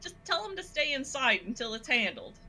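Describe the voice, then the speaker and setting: A woman's voice: high voice, sing-song, brisk, pushed and bright, faint music behind, heavily acted. A woman doing a drawling Southern sheepdog. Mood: insistent. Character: earnest male sheepdog, a local boy.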